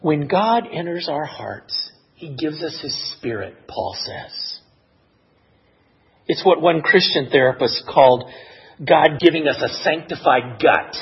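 Husky guy preaching slow, voice swoops way up and down, kinda dull lo-fi sound. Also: fairly high pitch. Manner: expressive preaching, slow and measured, rising to emotional emphasis. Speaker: pastor. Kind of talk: sermon.

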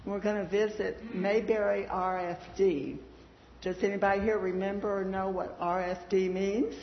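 A woman's voice: medium pitch, flat delivery, moderate pace, a little hiss or hum. Southern woman giving a church talk. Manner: chatty, folksy, with frequent fillers. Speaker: church speaker. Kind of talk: devotional talk with scripture reading. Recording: echoey dull hall sound.

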